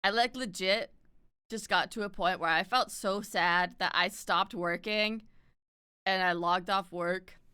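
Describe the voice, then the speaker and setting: Woman streamer, standard North American accent, slight lisp, rambling casual chat full of fillers and offhand swearing, crisp tone. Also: mid-range voice, steady tone, unhurried, pushed and bright. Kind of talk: casual chat with live viewers.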